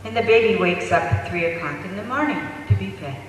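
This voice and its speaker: A man giving a public talk, telling stories in an animated, deliberate way. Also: high voice, noisy background. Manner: animated storytelling, slow and deliberate. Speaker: speaker. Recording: echoey hall, distant mic.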